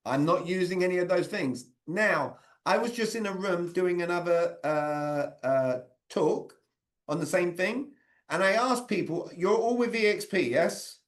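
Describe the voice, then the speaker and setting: A man with a rather high voice takes his time coaching a video-call group, speaking unhurriedly. The session plays out as interactive sales communication training, chatty in style, with questions aimed at named individuals.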